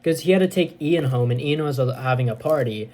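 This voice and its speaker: A man reviewing a movie, retelling the plot in a casual, excitable, rambling way with many fillers. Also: mid-range voice, brisk.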